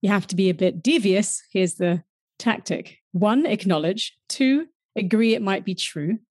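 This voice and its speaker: Host: woman, mid pitch, measured questioning, dry close recording. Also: a little mellow, breathy edge, no room sound. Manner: measured, reads quotes back to the guest. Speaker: interviewer. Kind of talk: interview questions.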